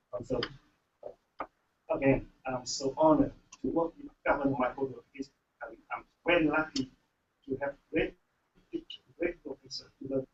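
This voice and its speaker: A man organizing a forum, making a formal announcement with many hesitations and pauses. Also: medium pitch. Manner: halting, many hesitations, sincere. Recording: distant dull mic with faint noise.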